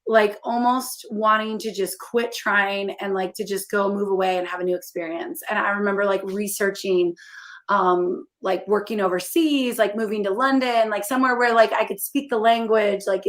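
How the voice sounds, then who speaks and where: A woman's voice: mid-range voice, steady tone, moderate pace. Chatty candid author, a woman. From American Midwest. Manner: candid, chatty, self-deprecating, many fillers. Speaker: author guest. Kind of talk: casual interview chat.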